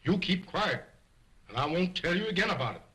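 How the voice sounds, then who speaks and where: A man's voice: high-pitched, very animated, brisk, sharp tone, breathy edge, heavily acted, low-quality recording. An actor playing a stern, domineering stage ventriloquist who scolds his dummy, in early talkie style. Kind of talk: 1920s early talkie acting. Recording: old film soundtrack.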